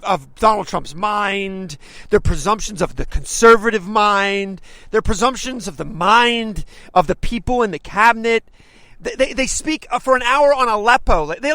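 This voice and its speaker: A man's voice: very high-pitched, pushed and bright, no echo. A man hosting a talk show, delivering an emphatic, ranting political commentary monologue full of stumbling restarts.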